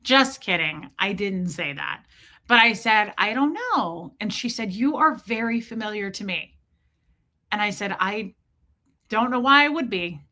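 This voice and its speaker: Bright-voiced woman telling a rambling story. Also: mid-range voice, a little slow. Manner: rambling, self-mocking, deadpan jokes. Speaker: streamer reading chat. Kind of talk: casual storytelling live stream.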